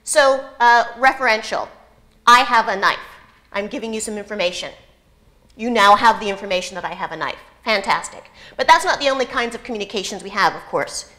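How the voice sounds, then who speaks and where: A woman giving an academic conference talk, halting and full of fillers, with dry humor. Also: medium pitch, pushed and bright. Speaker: lecturer.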